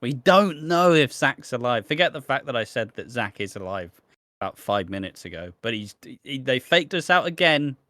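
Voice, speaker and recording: A man's voice: medium pitch, animated, normal speed, sharp tone, no room sound, clean studio sound. A man co-hosting a podcast, chatting casually and teasing as he quotes characters from a soap. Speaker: podcast co-host. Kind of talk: casual chat recapping a soap.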